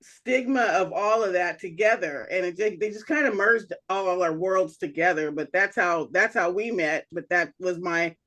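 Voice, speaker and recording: A woman's voice: lowish voice, moderate pace, few pauses, fairly bright tone. A woman co-hosting a podcast in casual chat, rambling with lots of "you know" and laughing often. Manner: laughs often while telling stories. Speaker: podcast co-host.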